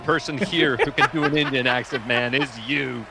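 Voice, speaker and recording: A man's voice: medium pitch, fairly even intonation, moderate pace, vocal fry, a loud crowd. A man giving live color commentary on an esports basketball game, laid-back and playful.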